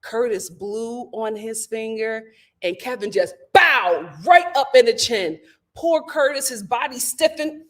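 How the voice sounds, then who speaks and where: Animated, high-pitched woman recapping reality TV. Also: a little slow. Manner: animated, dramatic retelling with gasps and playful acted-out quotes. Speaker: host of a reality TV review show. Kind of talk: casual recap to a live audience.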